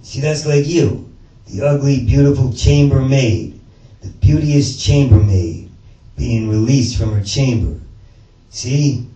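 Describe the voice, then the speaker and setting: A man's voice: mid-range voice, slow pace, mellow. A man doing rambling stand-up storytelling, stammering and swearing as he jumps from one thought to the next. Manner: stammering, profane, digressive. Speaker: stand-up comedian. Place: small performance space in front of an audience. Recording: roomy, distant mic, faint noise.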